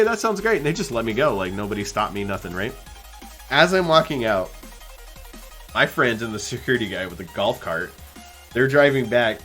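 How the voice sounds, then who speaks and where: A young man streaming live, chatting casually and acting out the people in his stories in a higher voice. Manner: animated storyteller, acts out quotes in a higher voice.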